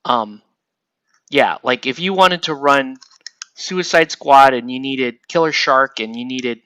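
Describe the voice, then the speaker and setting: A man chats casually on a livestream while he paints miniatures, rambling from one excited aside to the next. His voice is bright and sharp, and the sound is dry and close to the mic. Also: mid-range voice, slow, clean tone, dry recording. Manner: rambling, excitable, laughs often. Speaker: livestream host.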